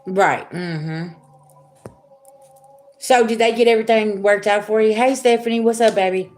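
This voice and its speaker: A middle-aged woman talks through a casual spiritual reading, speaking straight to her viewers and calling them y'all. Her voice sits in a middle pitch, and her delivery is loose and chatty with frequent laughter. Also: moderate pace, a little mellow, faint music behind. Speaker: spiritual reader. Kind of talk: casual tarot reading livestream.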